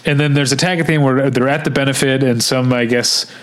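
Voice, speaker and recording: A man's voice: medium pitch, steady tone, fast, fairly bright tone. A man co-hosting a casual chat podcast, who laughs often and quotes scenes in put-on voices. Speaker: podcast co-host.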